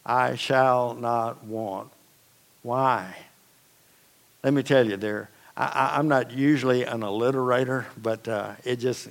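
A man's voice: mid-range voice, gravelly. A man preaching a sermon as pastor, telling stories in a conversational, folksy way with casual asides. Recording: long reverb of a large hall.

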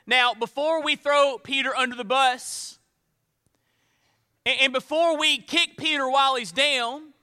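A man preaching a sermon in a high, very bright voice. He presses points with lifted emphasis, then slows and sinks to hushed tones to let a line land. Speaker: pastor.

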